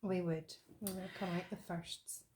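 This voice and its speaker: A woman's voice: fairly low pitch, fairly even intonation, a little slow, a little mellow, slight background noise. A woman with a son, co-hosting a podcast, playful and teasing in casual chat. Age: adult, a parent. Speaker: podcast co-host.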